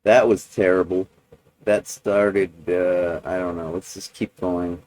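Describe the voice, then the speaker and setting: A man recording a personal video journal, talking in a halting, rambling way with many restarts and fillers. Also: low-pitched, steady tone, a little mellow, low-quality recording.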